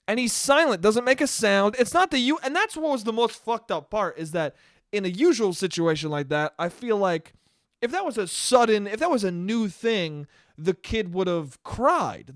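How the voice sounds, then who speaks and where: A man hosts a solo podcast, telling a rambling story full of profanity and restarted sentences. His voice sits high, and the studio-quality recording has no echo.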